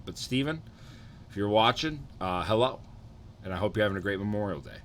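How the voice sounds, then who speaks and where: A young man with a fairly low, sharp-toned voice chats loosely with viewers on a live stream, over a slight hiss or hum. He sounds a bit hungover and sluggish, rambling in a laid-back way, swearing often and greeting people in the chat.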